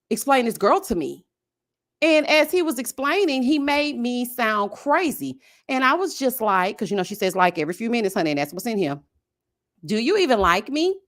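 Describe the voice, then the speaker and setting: A woman hosting a casual live chat about a reality TV show. She talks in a sassy, animated way and keeps calling her viewers "y'all" and "honey". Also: fairly high pitch.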